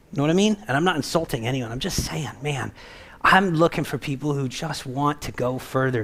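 A man preaching a casual sermon in a conversational, animated way, acting out the voices of people in the stories he tells. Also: mid-range voice. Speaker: pastor.

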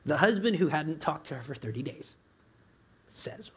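A man's voice: on the high side, expressive, moderate pace, long pauses, slightly rough. A man preaching a sermon in a loose, conversational way, full of asides and rhetorical questions to his congregation. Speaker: pastor.

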